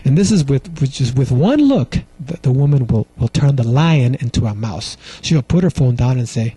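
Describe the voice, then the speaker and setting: A man's voice: mid-range voice, sing-song, normal speed, hardly any pauses, mellow, husky. A male comedian delivering a rambling comedy monologue, full of casual asides. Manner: rambling, many filler asides. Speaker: stand-up comedian.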